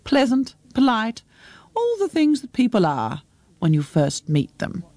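A woman voicing an anxious middle-aged mother who is about to become a grandmother, speaking in halting, unsettled lines. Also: on the high side, huge pitch swings, mellow, no echo, voice pushed up, full character voice. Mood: flat.

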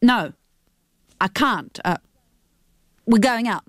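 A woman's voice: fairly high pitch, lively intonation, slow, dry recording, clean studio sound. A woman voicing a flustered, evasive young adult son who stammers and hesitates, in a radio reading of a novel.

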